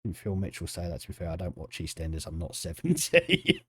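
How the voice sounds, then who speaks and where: A man's voice: sits low, sing-song, a little fast, a bit bright, breathy edge, dry recording, clean studio sound. A man, chatting casually and joking with viewers while streaming a football management game. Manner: chatty, jokey, reacts to chat and the match. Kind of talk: casual live-stream commentary.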